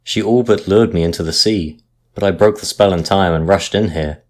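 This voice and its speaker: A man's voice: low-pitched, moderate pace, a little mellow. A man voicing a terrified male sea passenger who moans and pleads in a storybook tale. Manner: moaning, pleading.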